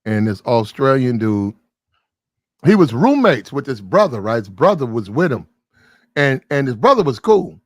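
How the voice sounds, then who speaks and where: A man's voice: medium pitch, normal speed, no echo, studio quality. A man casually telling a long, profane anecdote, acting out the people in it. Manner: profane, animated anecdote with quoted voices. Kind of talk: casual storytelling chat.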